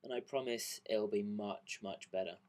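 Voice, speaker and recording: A man's voice: lowish voice, normal speed, darkish tone. Man, unwell, rambling self-deprecating vlogger, loose fillers throughout. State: unwell and dizzy. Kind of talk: rambling casual vlog.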